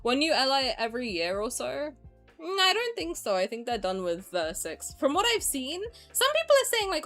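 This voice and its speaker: A woman's voice: medium pitch, a bit bright. Chatty, swearing young woman streamer. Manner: chatty, sarcastic, swears freely. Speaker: game streamer. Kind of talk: casual gameplay commentary.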